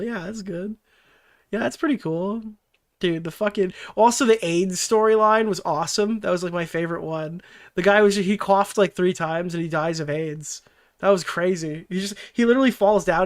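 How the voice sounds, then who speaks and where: A clean-toned, high male voice at a moderate pace belongs to a young streamer and commentary host. On his relaxed livestream he rambles and swears while answering chat, with plenty of laughter and the occasional mocking impression.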